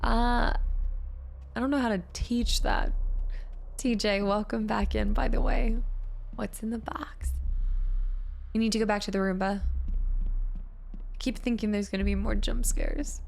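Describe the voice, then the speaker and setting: A woman's voice: mid-range voice, fairly even intonation, unhurried, gravelly, pauses often, slight background noise. A woman streaming a horror game live, chatting with viewers and reading on-screen text aloud as she plays.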